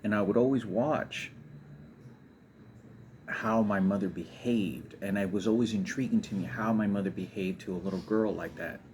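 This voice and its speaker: A man with a very low voice tells a family story in a rambling, emotional way, restarting sentences often. Clear background ambience hums behind him throughout. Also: noisy background. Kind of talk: personal storytelling monologue.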